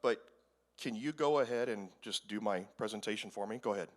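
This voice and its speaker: A man's voice: on the low side, fairly quick. A man giving a conference presentation in a casual, rambling, self-deprecating way. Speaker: conference speaker. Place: conference room.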